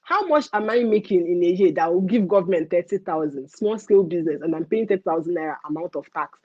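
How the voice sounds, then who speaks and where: A young woman with a Nigerian accent hosting a casual livestream rant, animated and mixing in pidgin phrases. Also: lowish voice, fast talker, slightly rough, dry recording, dull audio. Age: young adult. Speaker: livestream host.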